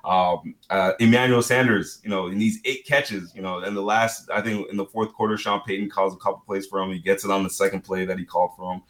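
A man's voice: deep voice, little pitch movement, a little fast, few pauses, a bit bright. A man talking football as a radio guest, rambling with many restarts and tag questions. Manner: rambling, many restarts and "you know, right". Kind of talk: casual sports talk.

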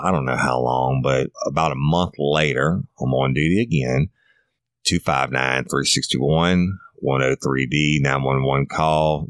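A middle-aged former police officer tells a story in a blunt, folksy, cussing way. His voice sits extremely low. The sound is dry and close, with no room around it. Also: fairly bright tone, no echo. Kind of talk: true crime storytelling podcast.

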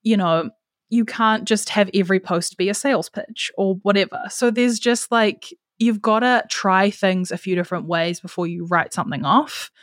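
A woman's voice: mid-range voice, normal speed, dry recording, clean studio sound. A young woman guest in a casual talk about marketing. She explains her points thoughtfully, often restarting her sentences. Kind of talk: casual chat.

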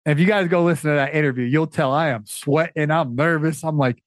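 A man guesting on a podcast, telling stories in an excitable, stammering way during casual chat. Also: on the high side, fast, no room sound, studio quality. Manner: excitable storyteller, stammering restarts.

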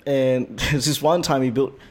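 Animated, swearing Australian man telling stories. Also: medium pitch, unhurried. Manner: animated, swears a lot, voice jumps up when indignant. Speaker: podcast co-host. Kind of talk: casual storytelling chat.

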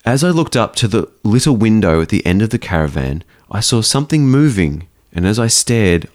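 A man's voice: sits low, a little mellow. A man voicing a frightened woman recounting a ghost encounter in a faintly Irish-sounding put-on accent, in a solemn, old-fashioned telling. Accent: faintly Irish-sounding put-on lilt.

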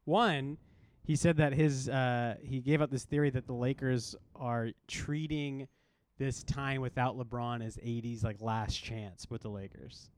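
A man's voice: medium pitch, fairly even intonation, a little slow. A man co-hosting a podcast, chatting casually about basketball, rambling with frequent restarts and laughter. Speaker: podcast co-host. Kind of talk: casual sports chat.

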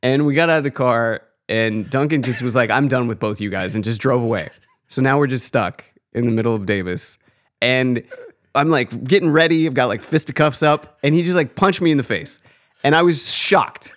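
A man's voice: medium pitch, moderate pace. A young adult man co-hosting a podcast, telling embarrassing stories in casual chat and laughing through them. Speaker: podcast co-host.

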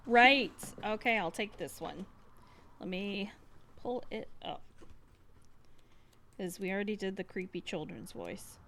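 A woman in a mid-range voice co-hosting a relaxed podcast chat. She laughs easily and jumps in with quick jokes. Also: medium pitch. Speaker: podcast co-host. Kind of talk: casual book discussion.

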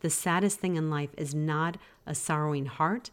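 A woman with a notably low voice hosts a devotional podcast. She teaches in an earnest, gently exhorting manner, speaking close to the microphone. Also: fairly even intonation, normal speed, smooth. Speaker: podcast host.

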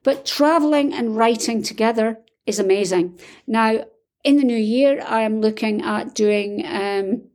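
A Scottish woman, an author hosting a solo podcast, talking in an enthusiastic, chatty way with frequent ums and a slightly strained throat. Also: mid-range voice.

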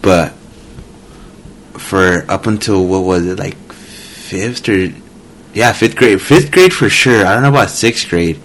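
A man's voice: low-pitched, lively intonation, slow pace, long pauses, fairly bright tone, slight background noise. A man talking casually as a podcast guest, rambling with lots of filler words. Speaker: podcast guest, host's younger brother. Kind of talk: casual chat.

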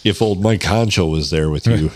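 Deadpan male co-host, dry room. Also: low voice, normal speed, no echo. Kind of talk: casual chat.

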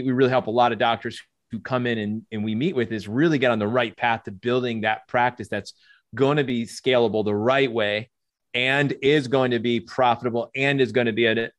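A man co-hosting a business podcast, pressing his points hard and looping back over words as he goes. His voice sits at an ordinary middle pitch. The sound is close and dry, with no room around it. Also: no room sound. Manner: emphatic, repeats words as he builds a point. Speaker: podcast co-host coaching chiropractors. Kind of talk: casual podcast conversation.

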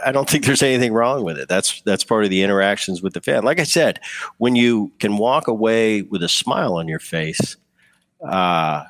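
A former baseball player, speaking on the low side with vocal fry, chats as an interview guest. His relaxed storytelling is marked by frequent restarts, and the audio has no echo.

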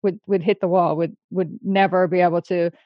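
An interviewer in casual conversation, asking probing, encouraging questions with halting restarts. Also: mid-range voice, flat delivery, no room sound, dull audio.

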